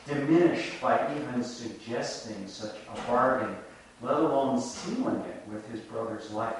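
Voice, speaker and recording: A man's voice: fairly high pitch, a little hiss or hum. A man giving a thoughtful, sermon-like talk on a folk tale, wryly asking his listeners questions. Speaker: speaker reflecting on a folk tale. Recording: echoey hall, heard from far off.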